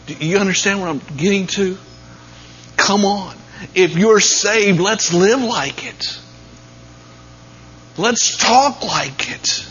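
A man preaching a sermon, dropping to near-whispers and then rising to loud, emphatic peaks. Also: high-pitched, lively intonation, takes it slowly, husky. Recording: dull lo-fi sound with faint mains hum.

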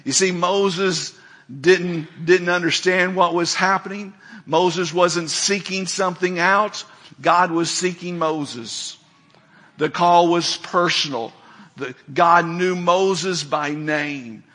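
A middle-aged male pastor delivers a storytelling sermon, his voice sitting a touch high and ringing bright. He presses his points with emphatic repetition and keeps checking in with rhetorical questions to his listeners. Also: slow pace.

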